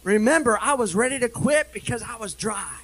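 A high-pitched man delivers a sermon as a minister, lively and animated. He rattles off quick asides, then slows right down to read scripture with weighty emphasis. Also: low-quality recording. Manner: animated preaching, swings between quick asides and slow emphatic scripture reading.

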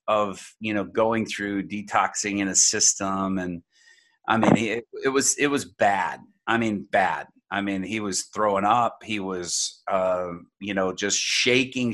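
A man with a fairly low voice tells a long personal story to an interviewer. He talks loosely and conversationally, circling back with restarts and fillers as he goes. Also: fairly bright tone. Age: adult. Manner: rambling, many fillers and restarts. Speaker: guest sharing a personal faith story.

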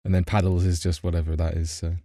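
A man's voice: low-pitched, little pitch movement, quick pace, dark tone, dry recording, clean studio sound. A man hosting a podcast in casual chat, joking and playing with words. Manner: jokey, playful wordplay. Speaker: podcast host.

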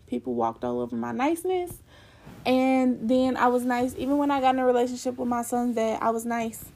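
Gravelly young woman telling a personal story. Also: on the high side, a little mellow. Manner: candid and rambling, with frequent fillers.

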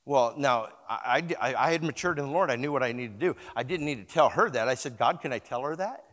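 Moving between quiet storytelling and loud, emphatic exhortation, a male pastor preaches and calls on the congregation to repeat his words back to him. He speaks fairly quickly in a medium-pitched voice, with a long reverb tail on the recording.

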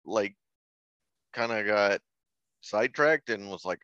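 A man co-hosting a casual movie review podcast who makes crude, deadpan jokes. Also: lowish voice, normal speed, no echo, lo-fi sound. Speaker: podcast co-host.

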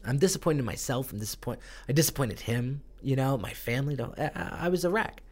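A man's voice: mid-range voice, animated, quick pace, few pauses, a little mellow. Man, interview guest, candid, emotional, casual swearing. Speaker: guest, brand strategist. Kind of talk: conversational interview storytelling.

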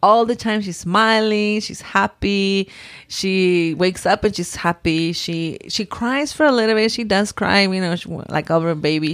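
A woman's voice: lowish voice, dry recording. A woman, a mother of three, chatting casually and rambling with many restarts, sometimes dropping in Spanish words. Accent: mixes in Spanish words. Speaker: mother of three talking about her daughters. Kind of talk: casual chat.

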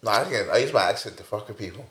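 A man's voice: fairly low pitch, animated, very fast, a bit bright, a little hiss or hum. Laid-back young man, roomy sound. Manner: laid-back, sweary slang-heavy storytelling. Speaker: podcast co-host. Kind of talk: casual chat. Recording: roomy echo.

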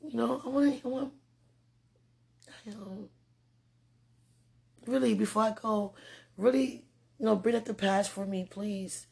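Husky, gravelly woman speaking tenderly. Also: a little high, a little slow, long pauses, darkish tone. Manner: affectionate, rambling, laughs often. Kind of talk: casual spoken message to a loved one.

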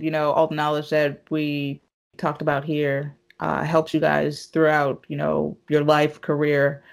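A man's voice: a little high, vocal fry. A man co-hosting a podcast, reading its outro in a formal, proper telephone voice. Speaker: podcast co-host.

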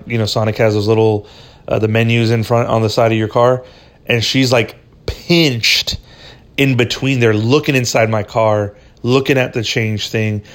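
A man hosting a podcast, telling a personal story in a loose, rambling way, swearing freely and leaning on "dude" and "right?". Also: mid-range voice. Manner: profane, rambling, says "dude" and "right?" often. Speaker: podcast host. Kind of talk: casual storytelling.

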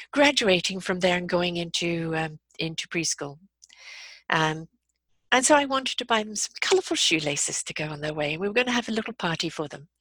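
A middle-aged woman telling a personal story and giving calm, earnest life advice. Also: fairly low pitch, dry recording. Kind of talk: motivational talk with personal story.

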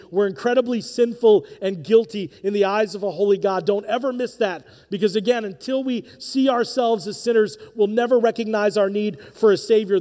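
High-voiced pastor preaching in a reverberant church. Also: male voice, normal speed, dark tone. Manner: earnest, conversational preaching with acted-out quotes. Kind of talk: sermon. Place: church sanctuary.

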